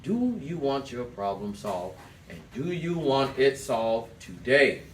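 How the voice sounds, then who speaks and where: Speaking slowly but very animatedly, a medium-pitched man leads a sales class as a trainer, issuing direct instructions and urging listeners to write things down. The sales coaching talk is recorded in an echoey room on a distant mic, with slight background noise.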